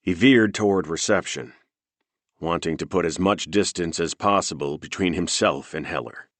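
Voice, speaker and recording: A man narrating a thriller audiobook in a steady, measured reading. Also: low-pitched, no room sound.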